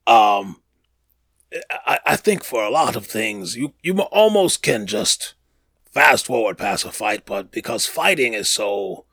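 A slangy male podcast host who rambles through casual chat, full of fillers and restarts. His fairly low voice leaps up and down in pitch, with a husky grain, recorded dry and close. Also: a bit bright, no room sound.

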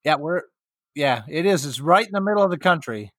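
A man's voice: a little high, expressive, fairly quick, fairly bright tone, dry recording, studio quality. An American man co-hosting a podcast, joking and laughing through a casual interview. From United States. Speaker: podcast co-host.

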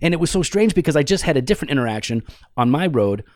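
A middle-aged man, a pastor, tells a story in a casual chat, animated and quick to get worked up. He talks at a rapid clip, and the recording is close and dry. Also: a little high, no echo. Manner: animated, rising to exasperated outbursts. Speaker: pastor and podcast co-host.

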